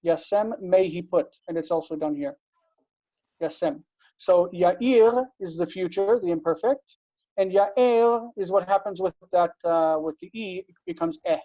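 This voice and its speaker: Man teaching hebrew online, patient, warm mellow voice, dry dull call audio. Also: sits high, dry recording. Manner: slow, patient explaining with frequent checks for understanding. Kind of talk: online class lesson.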